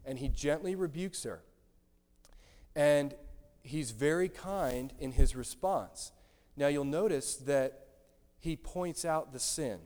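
A man's voice: fairly high pitch, animated, slow. Earnest male preacher in reverberant hall. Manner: earnest, repeats words, gentle emphasis. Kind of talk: sermon.

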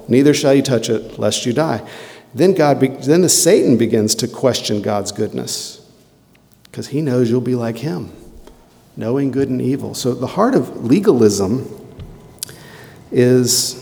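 Gravelly guy preaching, chatty asides and rhetorical questions, big echoey church hall. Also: mid-range voice, a little mellow. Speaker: pastor. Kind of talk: sermon. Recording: long hall reverb.

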